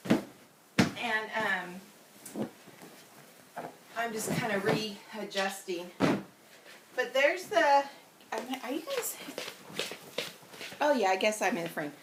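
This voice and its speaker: A woman with a medium-pitched voice, far from the mic, casually demos a product at home, rambling, saying um a lot, and breathing hard as she moves. The camera is placed away from her, leaving the recording echoey and noisy.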